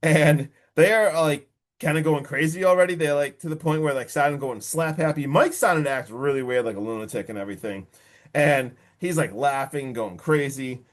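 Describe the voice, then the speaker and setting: A man hosting a podcast, recapping a horror film in a casual, animated way, with loose swearing and a lot of buildup before each reveal. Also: a little high, normal speed. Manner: animated storytelling, casual swearing, repeats "guess what".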